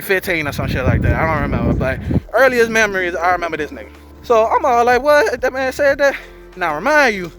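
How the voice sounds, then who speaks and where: A man vlogging to camera, telling a story in a loose, profane, animated way and acting out quotes. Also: sits high. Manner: profane, animated, acts out quotes in character voices. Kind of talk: casual storytelling.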